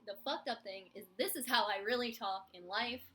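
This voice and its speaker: Bright, chatty Philadelphia woman. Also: on the high side, a little fast. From Philadelphia, USA. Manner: chatty and self-mocking, acts out quoted voices. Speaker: vlogger. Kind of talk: casual live chat.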